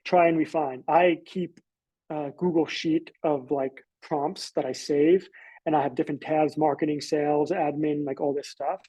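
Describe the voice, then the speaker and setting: An American man explains things on a live webinar in a relaxed, rambling way, pausing on fillers and restarting his sentences. His voice sits a little higher than most men's, and it is mellow and slightly husky. The recording is dry and close, with no room sound. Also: no room sound, rough recording. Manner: casual, loose, filler-heavy explaining. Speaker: webinar presenter.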